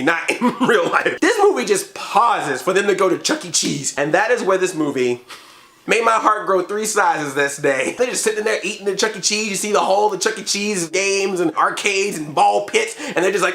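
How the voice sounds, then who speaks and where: A man giving a comedic movie review, animated and mock-outraged, often breaking into laughter. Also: sits high, a little fast, echoey room.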